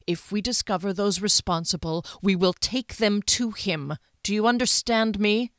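Brief: a woman doing a stern, harsh male captain in a storybook reading, forceful and commanding. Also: lowish voice, a little slow, dry recording, clean studio sound.

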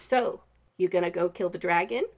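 A woman's voice: fairly low pitch, moderate pace, natural voice. A woman voicing a bold, unbothered young princess who talks casually and breezily. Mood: breezy.

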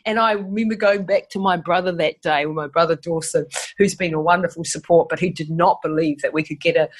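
A New woman shares a personal story as a guest. Her voice has a husky edge. She tells it in an animated way, restarting sentences and acting out what others said. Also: lowish voice, fairly quick. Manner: animated, acts out quotes, frequent restarts.

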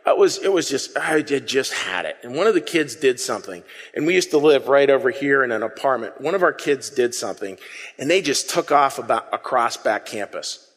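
A man preaching a sermon to a congregation. He talks in a lively, conversational way and has the audience repeat phrases back to him. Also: medium pitch, a little fast, big-room sound. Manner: animated, conversational preaching with audience call-and-response. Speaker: pastor.

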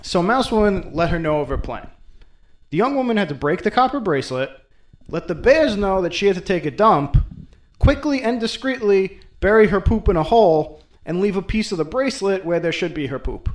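A man's voice: high-pitched, expressive, brisk. Irreverent, wisecracking male storyteller. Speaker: host and storyteller. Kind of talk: comedic folklore storytelling.

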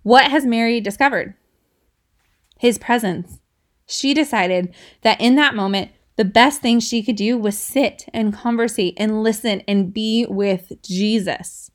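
A woman's voice: on the high side, a little slow. A woman in her thirties hosting a casual devotional podcast, chatty and laughing often, checking in with listeners as she teaches. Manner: chatty, asks listeners "right?", laughs between points. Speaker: podcast host.

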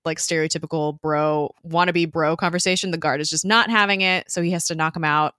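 Podcast co-host, woman, low voice, casual recap, laughs easily. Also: steady tone, fairly quick, pushed and bright, smooth, dry recording, clean studio sound. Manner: chatty, laughs often, recounts scenes with quoted voices.

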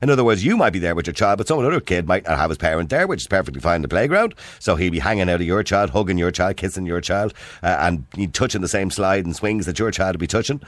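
A middle-aged Dublin man from Ireland hosts a call-in radio talk show, chatty and opinionated and quick to laugh. His low voice is expressive and fast, recorded dry on a studio microphone.

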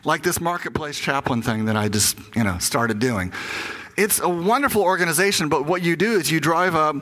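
Older man preaching with a bright voice. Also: fairly high pitch, expressive, moderate pace. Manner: candid personal storytelling, acting out his own inner voice. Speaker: pastor. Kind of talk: conversational sermon.

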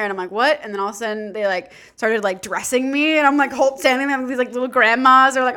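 Young woman, podcast co-host, casual chat, animated storyteller, puts on quoted voices. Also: fairly high pitch, quick pace, hardly any pauses.

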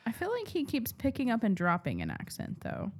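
A woman co-hosting a podcast, chatting about a horror film with plenty of fillers and quick giggles. Her pitch moves around a lot from line to line. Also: huge pitch swings, darkish tone, slightly rough. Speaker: podcast co-host. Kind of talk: casual chat reviewing a horror movie.

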